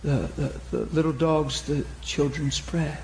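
Man voicing a calm, gentle teacher. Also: a little hiss or hum, poor audio. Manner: low, slow and soft.

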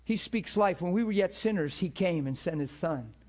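A man's voice: sits high, expressive, moderate pace, a little mellow. A man preaching and teaching earnestly, telling his own testimony with fervent repetitions and restarts. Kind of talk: sermon-style teaching with personal testimony.

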